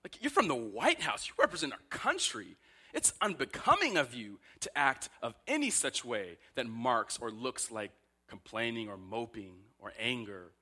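Male pastor, sermon, emphatic rhetorical questions, lively bright delivery. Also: medium pitch, normal speed. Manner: emphatic rhetorical questions, voices grumbling Israelites.

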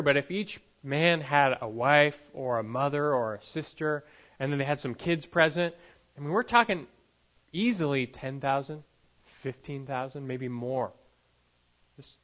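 Bright-voiced pastor preaching animatedly. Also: male voice, on the high side. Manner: animated, conversational, acts out the disciples' voices. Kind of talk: expository sermon. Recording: dull lo-fi recording.

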